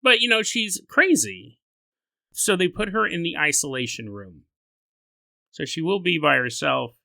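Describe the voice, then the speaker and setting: A male podcast host telling a story in an animated, joking way, laughing often and acting out voices. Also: a little high, measured pace, creaky, pauses often, no room sound. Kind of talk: comedic storytelling.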